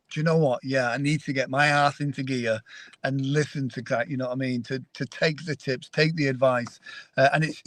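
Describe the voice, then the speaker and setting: A man's voice: on the high side, fairly bright tone, no echo. Upbeat British man on a phone call. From England. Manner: upbeat, joking, enthusiastic. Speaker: guest. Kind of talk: casual video call chat. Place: sitting in a car in a parking lot. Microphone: phone camera on a video call.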